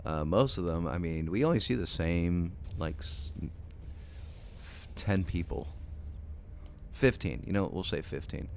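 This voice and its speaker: Drowsy, gravelly-voiced man streaming late. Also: deep voice, lively intonation, a little slow, darkish tone, slight background noise. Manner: rambling, hesitant, many ums and restarts. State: sleepy, yawning late at night. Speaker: game streamer. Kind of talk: casual livestream chat with viewers.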